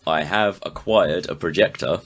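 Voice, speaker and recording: A man's voice: deep voice, normal speed, slight background noise. A man hosting a podcast, chatting casually with friends and swearing as he jokes around. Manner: sweary, laughing banter. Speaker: podcast host. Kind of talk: casual chat.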